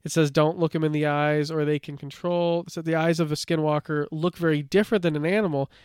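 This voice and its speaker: A man's voice: on the high side, quick pace, smooth, dry recording, studio quality. A man co-hosting a podcast, telling lore in a casual, chatty way and reading bits from his notes, with lots of filler words. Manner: relaxed storytelling, reads from notes, many "like" fillers. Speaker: podcast co-host. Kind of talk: casual chat.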